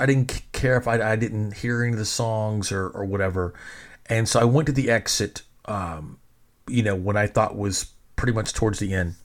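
A middle-aged man casually telling a personal story in a rambling, self-mocking way, swearing freely. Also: lowish voice.

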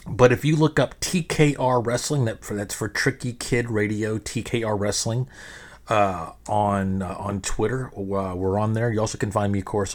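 Rambling, profane podcast host, man. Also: fairly low pitch. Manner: rambling, profane, frequent restarts. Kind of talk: casual podcast monologue.

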